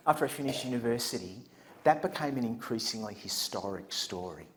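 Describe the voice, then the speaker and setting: A middle-aged man preaching at a church camp, telling a story with lively swings between loud punchlines and hushed asides. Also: medium pitch, moderate pace, a crowd in the background. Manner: animated storyteller, laughs at his own jokes, drops to whispers. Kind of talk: storytelling sermon. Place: church camp meeting hall.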